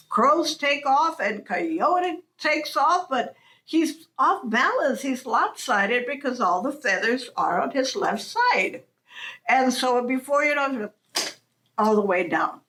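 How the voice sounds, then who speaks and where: A woman telling a folk tale as a storyteller, narrating in a slow, animated way with frequent chuckles. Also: sits high.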